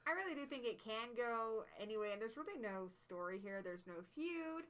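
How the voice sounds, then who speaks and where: Woman, stream co-host, animated pitch, tense bright tone, opinionated. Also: a little fast. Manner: enthusiastic, opinionated. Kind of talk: casual wrestling predictions chat.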